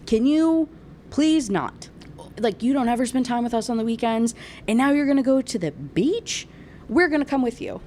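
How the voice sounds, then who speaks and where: A woman's voice: expressive, moderate pace, slight background noise, natural voice. A woman voicing an exasperated young wife who pleads and complains in a raised, indignant voice. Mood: whiny demanding. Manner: pleading and indignant, high and loud.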